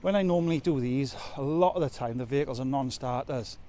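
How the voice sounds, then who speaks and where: This truck driver vlogger talks fairly quickly in a dark, mid-range voice while he works. He's loading his truck outside in a rainy loading yard, rambling casually and making jokes at his own expense. Some light background noise can be heard.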